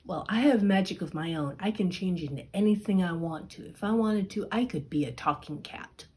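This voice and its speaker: A fearsome, bragging ogre from a fairy tale, acted out by a woman. He bellows and boasts with a husky, low-set voice. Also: moderate pace. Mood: gloating. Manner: loud, gloating, boastful. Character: horrible boastful male ogre, magical bully.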